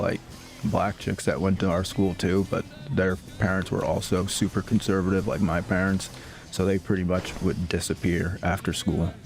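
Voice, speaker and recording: A man with a low, gravelly voice streams a game while telling loosely rambling stories in casual chat, full of filler words and laughter.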